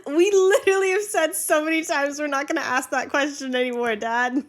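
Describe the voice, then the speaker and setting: A woman's voice: high voice, fairly even intonation, fairly quick. A young woman co-hosting a family podcast, chatty and laughing often. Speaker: podcast co-host. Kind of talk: casual family podcast chat. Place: home podcast studio.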